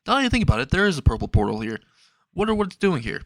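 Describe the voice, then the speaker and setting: A man's voice: a little high, big pitch swings, very fast, dry recording, pitched above the performer's own voice. A man voicing a big, boisterous adult hero mentor who talks in a blustery, commanding way.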